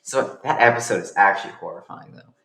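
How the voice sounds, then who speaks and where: A man's voice: lowish voice, brisk, vocal fry, sharp tone. A young man improvising the narration of a fan story, rambling with joking asides.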